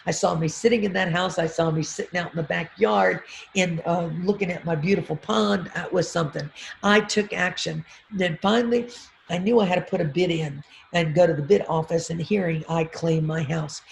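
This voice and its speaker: A middle-aged woman, a motivational speaker, telling a personal story on a video call in an animated way, repeating affirmations and laughing often. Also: fairly low pitch, a little fast, vocal fry, a little hiss or hum.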